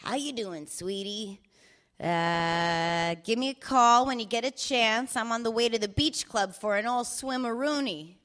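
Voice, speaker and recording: A woman's voice: on the high side, measured pace, fairly bright tone. A woman voicing her older father reading his voicemails, swearing freely and joking with wry affection. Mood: teasing. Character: older father, cheerful, profane, doting. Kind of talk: reading voicemails aloud in character.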